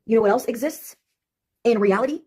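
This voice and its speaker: A woman's voice: a little high, a little fast, a little mellow, breathy edge. A woman with a sardonic, mocking manner, delivering a casual monologue.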